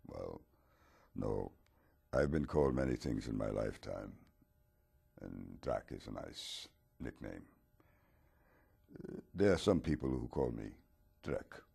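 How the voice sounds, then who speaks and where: A man voicing Dracula as a mild, wistful aging vampire talk-show host, speaking slowly and haltingly. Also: a bass voice, expressive, dark tone, full character voice. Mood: musing. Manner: slow, halting, gravelly and husky.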